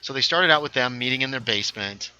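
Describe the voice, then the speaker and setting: A young man from North Carolina hosts a livestream and chats casually while he plays. His tone is very bright. His stories ramble and keep breaking off and restarting. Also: medium pitch, expressive, quick pace, slight background noise, poor audio. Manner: rambling, self-interrupting storyteller. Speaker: livestream host. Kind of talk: casual chat while gaming.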